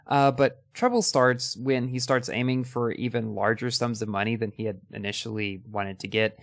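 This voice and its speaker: Young man, casual movie ranking, enthusiastic, mid-pitched, dry close mic. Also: little pitch movement, normal speed, no echo. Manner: enthusiastic, fillers and restarts.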